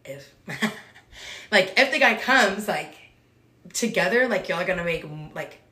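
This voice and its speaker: Woman, quick chatty faith talk, lots of "like", lower-pitched, roomy echoey room. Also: animated, pushed and bright. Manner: rambling, fills with "like", laughs often. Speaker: small group leader. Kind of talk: casual faith chat. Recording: roomy echo.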